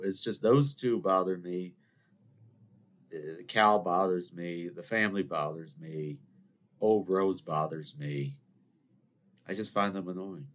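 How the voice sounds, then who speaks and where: A man hosting a podcast, talking in a rambling, jokey monologue full of fillers and restarts, sometimes bursting into high exclaimed imitations. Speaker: podcast host. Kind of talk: casual monologue.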